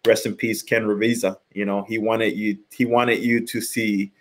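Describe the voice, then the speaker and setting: A man in his thirties, a former college pitcher, talking baseball in a rambling, casual podcast chat, often repeating words as he thinks. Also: level tone, normal speed.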